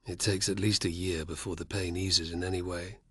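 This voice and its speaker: A man's voice: sits low, flat delivery, moderate pace, husky, no echo, studio quality, full character voice. A man voicing a weary, philosophical older male soldier who speaks darkly and with sighs. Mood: reflective. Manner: dark, sighing, reflective.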